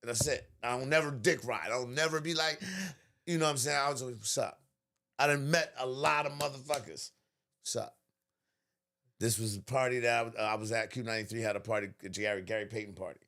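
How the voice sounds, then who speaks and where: A man hosting a podcast, telling a story in casual chat, animated and profane, laughing often. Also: medium pitch, fast. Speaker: podcast host.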